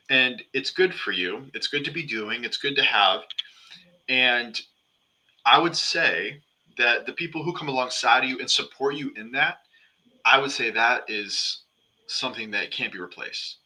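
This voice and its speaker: A man's voice: mid-range voice, lively intonation, normal speed, bright, forceful tone, low-quality recording. A man from western New York co-hosting a casual faith-based podcast, earnest and self-deprecating with dry humor. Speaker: podcast co-host.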